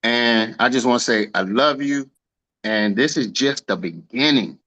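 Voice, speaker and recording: A man giving a casual celebratory speech on a video call, telling a lively slangy story and acting out the dialogue. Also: mid-range voice, a little slow, highs cut off. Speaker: team leader honoring an agent.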